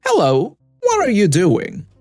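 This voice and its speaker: Male narrator voices entitled woman customer: shrill, high, hostile, demanding. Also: huge pitch swings, measured pace, a little mellow, soft background music, exaggerated voice. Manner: shrieking, demanding, insulting. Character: shrill entitled woman shopper, screaming and rude.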